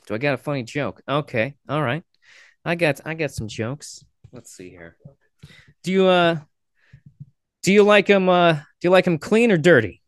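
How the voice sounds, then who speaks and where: A man's voice: fairly high pitch, moderate pace, long pauses, dry recording, studio quality. A man hosting a podcast, chatting with strangers on a video call and telling jokes with lots of fillers. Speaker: podcast host. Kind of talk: casual video chat with strangers.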